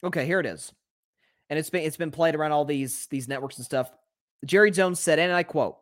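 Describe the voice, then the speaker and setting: A man's voice: fairly high pitch, lively intonation, fairly bright tone. A man hosting a solo sports talk show, emphatic and rattling off stats. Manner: rapid-fire stat listing, emphatic.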